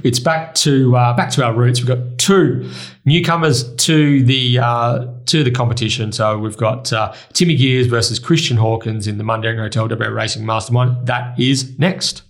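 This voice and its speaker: A man's voice: medium pitch, fairly even intonation, normal speed. An Australian man hosting a racing podcast, chatting casually and introducing segments. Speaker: podcast host.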